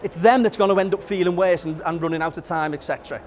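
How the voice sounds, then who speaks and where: A man's voice: high voice, quick pace, slight background noise. A middle-aged man giving an interactive staff training talk to a live audience, cheeky and sweary, acting out examples. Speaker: workshop presenter. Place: conference session room with audience.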